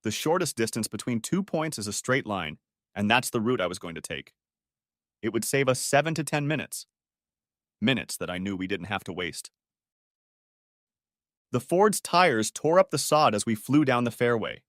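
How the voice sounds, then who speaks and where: A man narrating a first-person audiobook story in a steady storytelling manner. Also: medium pitch, normal speed, pauses often, no echo, clean studio sound.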